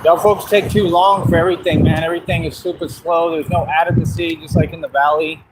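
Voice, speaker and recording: A man rants outdoors at night, boastful and combative, circling back to the same points. His voice sits a little high for a man. Steady background noise from the open air and passing traffic runs under the stream. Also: fairly quick. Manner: boastful, combative, repeats himself. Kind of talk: ranting monologue. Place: outdoors in the dark.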